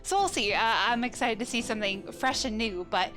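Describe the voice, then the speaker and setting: Young woman gamer host, rambling, gunky throat, a little high-pitched, faint music. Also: a little fast, a bit bright. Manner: chatty and rambling, self-correcting. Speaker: let's play host. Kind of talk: casual gameplay commentary.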